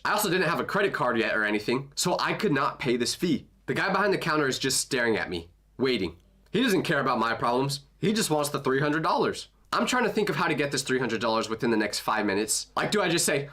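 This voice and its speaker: A young man telling a comedic true story in an animated, self-mocking way, with punchy jokes. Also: medium pitch.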